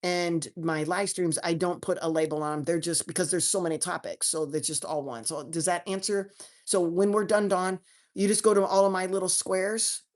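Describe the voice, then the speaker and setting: A woman's voice: fairly low pitch, fairly even intonation, moderate pace, darkish tone. A woman doctor hosting a live question-and-answer stream, talking to viewers in a chatty, folksy way with homey slang and frequent restarts.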